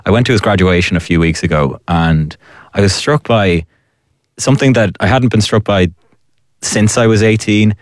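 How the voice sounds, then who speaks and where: A man's voice: on the low side, moderate pace, dry recording, clean studio sound. An Irish man in his late twenties, a guest on a radio panel, talking in a thoughtful, reflective way with hesitant starts. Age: late 20s. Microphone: studio microphone.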